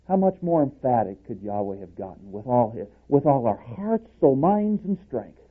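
A man's voice: medium pitch, big pitch swings, normal speed, few pauses, husky. Emphatic preacher man on a tinny line. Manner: emphatic, swings from loud declarations to hushed asides. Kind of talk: sermon. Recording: tinny phone-like recording.

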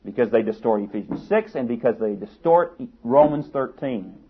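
A man preaches a sermon in a husky, mid-pitched voice, asking question after question and rising to emphatic peaks. The recording is thin and tinny, like sound over a phone line. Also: lively intonation, normal speed.

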